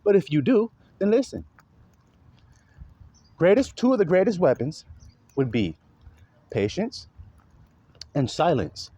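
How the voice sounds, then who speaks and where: A man's voice: slow, long pauses, breathy edge, dry recording. A man preaching a sermon, calling out rhetorical questions to his listeners and acting out exaggerated voices. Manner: animated, swings pitch widely, acts out exaggerated voices.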